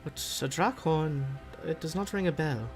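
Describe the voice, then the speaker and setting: A man voicing an elegant, ancient female archmage in a breathy, gracious voice. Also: fairly high pitch, soft background music, voice pushed up. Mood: courteous. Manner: gracious, measured courtly speech.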